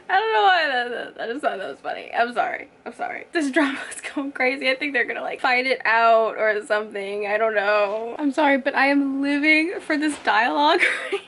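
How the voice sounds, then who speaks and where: A woman's voice: high voice, animated, normal speed, a bit bright. A young woman, chatting casually and animatedly in a reading vlog, laughing often and acting out characters. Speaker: book vlogger.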